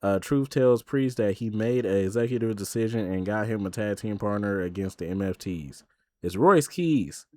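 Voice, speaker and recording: A man's voice: on the low side, lively intonation, normal speed, warm tone, no echo. A man co-hosting a podcast, casually recapping wrestling shows and retelling the promos in quoted voices. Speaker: podcast co-host.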